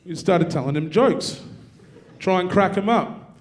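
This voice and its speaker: A man with an Australian accent doing a stand-up comedy set, telling dark stories in a profane, deadpan way. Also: high-pitched, unhurried. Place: university theatre with live audience.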